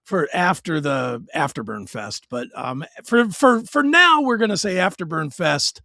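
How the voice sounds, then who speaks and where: A man's voice: fairly high pitch, very animated, measured pace, bright, forceful tone, no echo, studio quality. A man hosting an interview show, easygoing and encouraging, often chiming in with short affirmations. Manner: easygoing, encouraging, frequent "right on". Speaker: show host.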